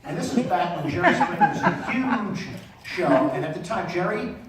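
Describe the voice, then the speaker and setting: A middle-aged male comedian tells his stories in an animated way and acts out the people in them. His voice sits high and swings a lot. He is picked up from off-mic in a very echoey room. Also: normal speed, far from the mic, a loud crowd. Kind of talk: stand-up storytelling.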